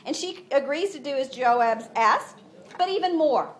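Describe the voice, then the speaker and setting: A woman's voice: high-pitched, unhurried. A woman giving a conversational Bible teaching to other women, acting out the quoted lines with a lifted voice. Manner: animated, acts out quotes with rising voice; conversational, frequent "you know".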